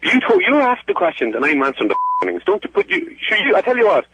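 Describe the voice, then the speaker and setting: A man's voice: sits high, huge pitch swings, quick pace, pushed and bright, breathy edge. An Irish man taking a prank phone call, exasperated and swearing, with tag questions at the end of his lines. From Ireland. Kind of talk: angry phone argument. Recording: noisy phone line.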